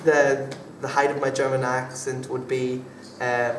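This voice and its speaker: Young male drama student for an interview, flat and halting delivery, recorded at a distance in an echoey room. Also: mid-range voice. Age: young adult. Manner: hesitant, many fillers and restarts. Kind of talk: casual interview answers. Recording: echoey room from far off, faint background noise.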